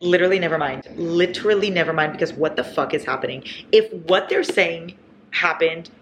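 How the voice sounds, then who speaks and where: A woman's voice: on the low side, fairly quick, fairly bright tone, a little hiss or hum. A young woman in her twenties, chatting casually and dramatically in a reading vlog from home. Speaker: book vlogger. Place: indoors at home.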